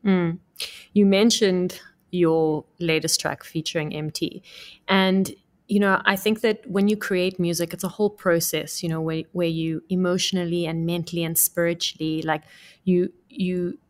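A woman's voice: fairly low pitch, fairly even intonation, normal speed. A woman hosting a talk show, asking her guest questions in a bubbly, chatty way with frequent laughs and exclamations. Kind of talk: casual interview chat.

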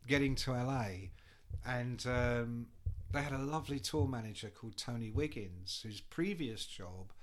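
A man's voice: mid-range voice, moderate pace, hardly any pauses. A man telling rambling tour anecdotes in a casual chat, full of ums and swearing. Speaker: storyteller, former music industry worker.

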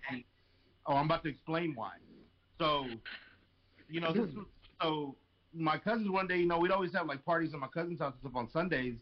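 A man's voice: on the high side, fairly quick. Swearing young man, lo-fi podcast. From Mexican family. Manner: swearing, laughing storyteller. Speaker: podcast co-host. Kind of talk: casual chat, storytelling.

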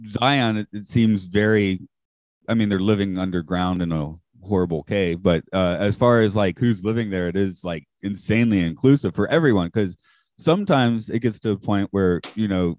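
A man's voice: deep voice, a little mellow, no room sound. A man with a slight Southern American accent, chatting on a podcast in a rambling, hesitant way. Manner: rambling, hesitant, laughs at himself. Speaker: podcast co-host. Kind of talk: casual podcast discussion.

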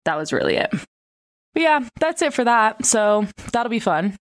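A woman's voice: fairly high pitch, sing-song, moderate pace. Congested-sounding woman in her twenties. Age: 20s. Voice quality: congested, nasal from a broken nose. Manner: candid and chatty, lots of fillers, swearing. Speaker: podcast host. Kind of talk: casual chat.

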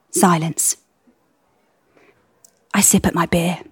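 A woman's voice: medium pitch, expressive, normal speed, vocal fry, dry recording, studio quality. A young woman performing a wry, self-mocking first-person monologue. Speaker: narrator and actress. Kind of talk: dramatic monologue reading.

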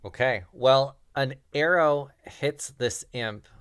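Slow-talking man narrating as game master. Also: medium pitch, a bit bright, clear, resonant tone, dry recording, clean studio sound. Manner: unhurried narration, chuckling often.

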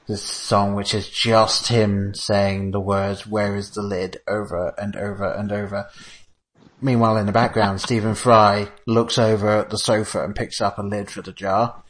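A man's voice: on the low side, flat delivery, moderate pace. A man hosting a casual film podcast, retelling comedy sketches with quoted lines and chuckles. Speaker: podcast host.

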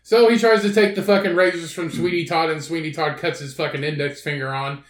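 A man's voice: on the high side, fairly even intonation, a little fast, echoey room, slight background noise. A man co-hosting a podcast who tells a rambling, profane story and laughs often in casual chat. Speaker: podcast co-host.

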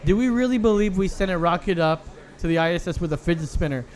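High-voiced jokey male podcast host. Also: animated, fast. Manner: jokey, reads comments aloud in put-on voices. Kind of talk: casual comedic chat.

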